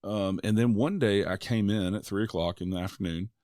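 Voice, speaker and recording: A man with a very low voice hosts a podcast, chatting in a relaxed way full of "like"s and "uh"s. His voice sits close to the mic in a dry, dead space. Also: brisk, dry recording. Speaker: podcast host. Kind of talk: casual podcast conversation.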